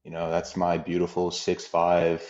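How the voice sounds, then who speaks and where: A man in his twenties calling in to a livestream, halting and stammering, using slang. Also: sits low, completely flat delivery, a little mellow, muffled recording. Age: 20s. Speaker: caller. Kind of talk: call-in chat.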